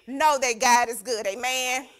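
Her pitch fairly high and her intonation fairly even, a young youth pastor preaches a little slowly. She's exuberant in church, calling out to the congregation in call-and-response.

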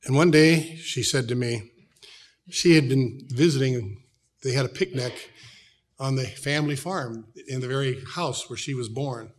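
A middle-aged man with an American accent, preaching a sermon as a pastor, telling stories and dropping from loud to hushed tones. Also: medium pitch, unhurried. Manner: storytelling, shifts from loud to hushed.

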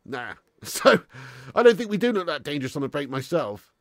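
A man's voice: fairly high pitch, very animated, brisk, a bit bright, dry recording, studio quality. A young man hosting a live football watch-along, reading out viewer comments and sounding frustrated, blunt and given to casual swearing. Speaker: football fan channel host.

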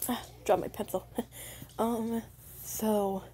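A woman's voice: a little high, fairly even intonation, takes it slowly, dark tone, a little hiss or hum. A young woman playing a shy, lonely undead young being in a role-play spoken to the listener, stuttering and hesitant.

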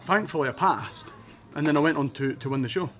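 Fast-talking Scottish man, storyteller. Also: on the high side, dull audio. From Scotland. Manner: fast, lively storytelling with acted-out quotes. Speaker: interviewee telling his life story. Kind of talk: animated casual interview.

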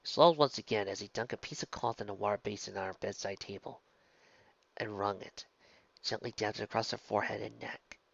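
A man narrating a story in a steady, soft-spoken way, his voice gravelly with a touch of fry. The recording is dull and dry, with no room sound. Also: fairly low pitch, fairly quick, no echo. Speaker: story reader. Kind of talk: reading fan fiction aloud.

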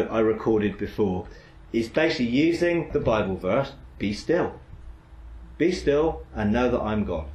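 A man's voice: mid-range voice, darkish tone. A man leading a faith meditation exercise in a chatty, rambling teaching style, with frequent asides and restarts. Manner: conversational, rambling, with frequent "you know" and restarts. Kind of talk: informal teaching session. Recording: roomy echo.

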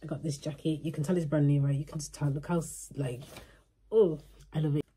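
A woman's voice: low voice, fairly even intonation, a little fast, noisy background. A woman, chatting casually to camera in a filler-heavy vlog while getting over a sore throat. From England. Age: 20s. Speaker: vlogger. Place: at home.

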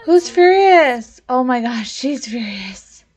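A young woman hosts a let's play in a relaxed, unhurried way, her voice sitting a bit high. She talks directly to the characters on screen and grows openly exasperated when they misbehave. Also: soft background music. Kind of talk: casual gameplay commentary.

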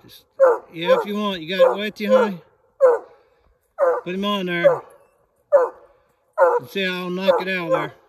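An older man talks high and swings his pitch wildly as he urges on a hound. He speaks in a folksy, excited way, filmed on a handheld camera outdoors in the woods. The recording is loud with outdoor noise and barking dogs. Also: normal speed, pauses often. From West Virginia. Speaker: hunter filming his granddaughter's hunt. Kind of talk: casual outdoor chat.

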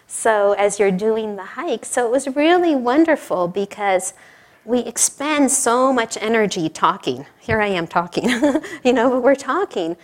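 A woman's voice: fairly high pitch, animated, unhurried. A middle-aged woman telling a personal story in an informal sermon, chatty, with frequent laughs and asides. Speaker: speaker at a spiritual service.

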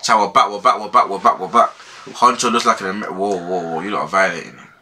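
A man's voice: low-pitched, steady tone, fast talker, sharp tone, a little hiss or hum. A young man, chatting loosely and joking with his guest as a livestream host. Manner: loose and joking, slangy banter. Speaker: streamer host. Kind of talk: casual livestream chat.

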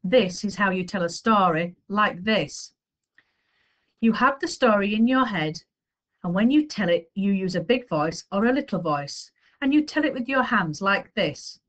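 A woman's voice: medium pitch, expressive, measured pace, fairly bright tone. A woman voicing a young boy who speaks earnestly and with feeling in a read-aloud storybook. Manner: earnest, emotional pleading. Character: young boy, passionate about oral storytelling.

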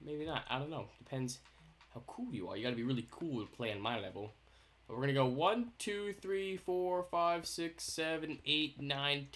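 A man's voice: mid-range voice, bright, forceful tone. A young man hosting a casual let's-play commentary, chatting in a goofy, playful, jokey way as he builds. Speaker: gaming YouTuber host.

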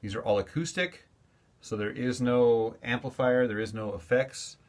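A man's voice: mid-range voice, steady tone, moderate pace. A man who makes cigar box guitar fretboards, giving a casual how-to tutorial and explaining each step plainly.

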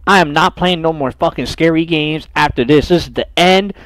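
A young man streaming a horror game, loud, profane and jumpy, talking to his chat and to the game characters. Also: on the high side, moderate pace, no echo. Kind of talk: horror game playthrough commentary.

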